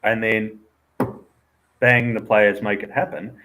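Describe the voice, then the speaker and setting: A man's voice: lowish voice, little pitch movement, slow, a bit bright. Male co-host on a games chat stream; reasons things through aloud, easy laugh. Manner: thoughtful, analytical, laughs often. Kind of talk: casual chat about tabletop games.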